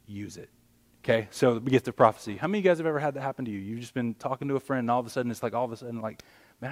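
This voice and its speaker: A man pastor preaching in a relaxed, conversational way, with many fillers and restarts, addressing his church. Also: medium pitch. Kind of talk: sermon.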